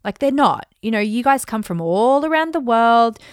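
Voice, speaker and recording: Chatting through personal anecdotes on her solo podcast, this Australian host in her thirties voices her own thoughts as little performed quotes. She speaks at a moderate pace with a fairly high, clear, resonant voice and lively intonation, captured in dry, studio-quality audio.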